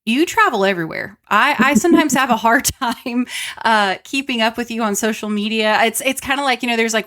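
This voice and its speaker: A woman's voice: on the high side, fairly quick, fairly bright tone. A woman hosting a podcast interview, admiring toward her guest and often repeating words as she searches for them. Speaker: podcast host. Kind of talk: casual interview talk.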